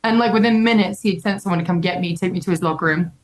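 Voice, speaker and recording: A young adult woman on a podcast telling a story in a lively, casual way, full of "like" and swearing. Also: lowish voice, racing, poor audio. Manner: animated, heavy filler "like", casual swearing. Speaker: podcast guest.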